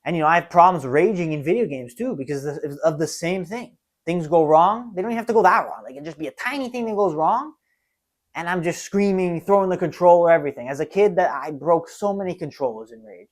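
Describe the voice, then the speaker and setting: A man's voice: fairly high pitch, expressive, a little fast. A man of twenty hosting a solo podcast, talking earnestly and self-reflectively, often tagging his thoughts with "right?". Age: 20s. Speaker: podcast host. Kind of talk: solo confessional monologue.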